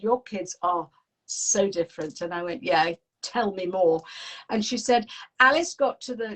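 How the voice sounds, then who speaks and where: A middle-aged woman, a parenting coach talking in an interview in a lively, rambling way with frequent restarts. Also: mid-range voice, low-quality recording. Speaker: parenting and teen coach, guest. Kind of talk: conversational interview.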